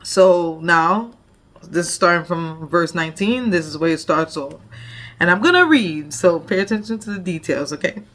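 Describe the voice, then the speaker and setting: A woman's voice: lowish voice, expressive, moderate pace, fairly bright tone. A woman leading a devotion, retelling a Bible story conversationally with frequent "like" and "you know". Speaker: devotion leader.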